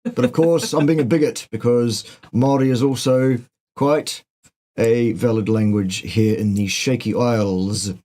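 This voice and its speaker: A man's voice: medium pitch, steady tone, a little slow, warm tone. A man hosting a live Q&A chat, joking, sardonic and swearing freely. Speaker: show host.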